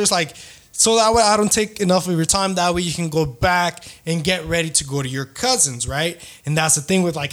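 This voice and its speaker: A man's voice: high voice, a bit bright. Rambling, profane male podcast host. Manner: profane, rambling, slangy with Spanish bits. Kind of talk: casual storytelling.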